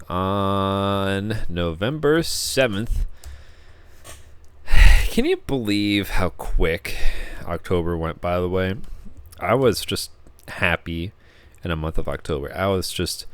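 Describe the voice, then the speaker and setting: Slow, deep-voiced man rambling casually. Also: clean tone. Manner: rambling, hesitant, with many fillers and restarts. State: hiccuping. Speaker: vlogger. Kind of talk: casual vlog chat, reading web pages aloud.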